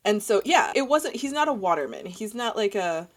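A woman's voice: medium pitch, big pitch swings, moderate pace. A woman co-hosting a book podcast, talking casually in a rambling, gushing way with many fillers. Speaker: podcast co-host. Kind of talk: casual chat.

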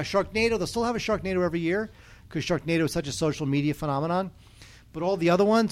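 A man hosting a podcast, chatting casually and quickly about new movie releases. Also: fairly high pitch. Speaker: podcast host. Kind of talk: casual chat reviewing movies.

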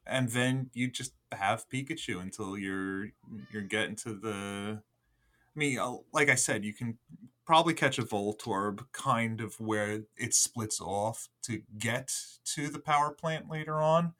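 A man's voice: lowish voice, a little slow, bright, forceful tone. A young man chatting casually as a podcast co-host. He rambles, restarts his sentences and scatters fillers as he goes. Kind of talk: casual chat.

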